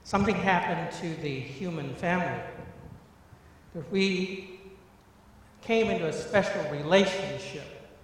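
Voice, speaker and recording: A middle-aged man preaching a sermon, moving from hushed tones to fervent, repeated emphasis. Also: high voice, measured pace, pauses often, a little hiss or hum. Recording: echoey hall, far from mic.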